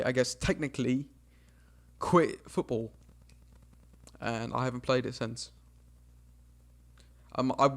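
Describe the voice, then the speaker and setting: A young man who streams games tells a lighthearted, embarrassing story from childhood, animatedly performing what others said while laughing at himself. His voice is medium in pitch.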